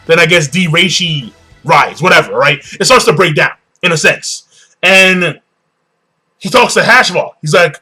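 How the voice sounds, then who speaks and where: A young man in a loose, rambling recap, cursing freely and often doubling back on his words. His voice is high and bright, with a sharp edge. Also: unhurried, husky, faint music behind. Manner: rambling, profane, repeats himself. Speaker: manga reviewer. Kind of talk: casual chapter recap.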